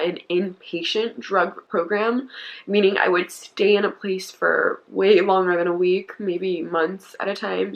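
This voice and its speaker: A woman's voice: mid-range voice, fairly bright tone, low-quality recording. A young woman in her twenties, telling a painful personal story on camera in a candid, emotional way, her voice often dropping to a near-whisper. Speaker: YouTuber.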